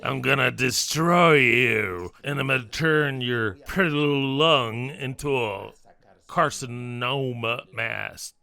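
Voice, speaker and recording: A man's voice: mid-range voice, slow pace, gravelly, bright, forceful tone, pitched below the performer's own voice, full character voice. A man voicing a male cancer cell that gloats and threatens to invade and destroy a lung. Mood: menacing.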